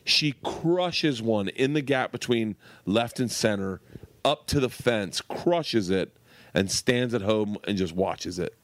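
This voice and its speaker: Animated, profane comedian man in his forties. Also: fairly low pitch, takes it slowly, no room sound. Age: 40s. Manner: animated, profane, laughing through anecdotes. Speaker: comedian guest. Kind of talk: casual storytelling on a podcast.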